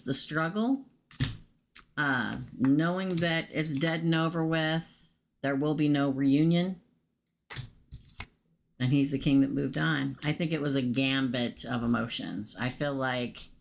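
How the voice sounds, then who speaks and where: A woman's voice: low-pitched, gravelly, a little hiss or hum. A woman doing a casual live tarot reading, naming cards and chatting with viewers about their questions. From United States. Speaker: tarot reader.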